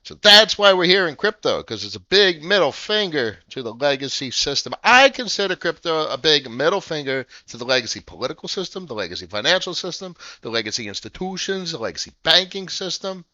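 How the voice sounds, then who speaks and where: A man in his thirties hosting a casual crypto livestream, brash, profane and excitable. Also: on the high side, fairly quick, few pauses, no echo, highs cut off. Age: 30s.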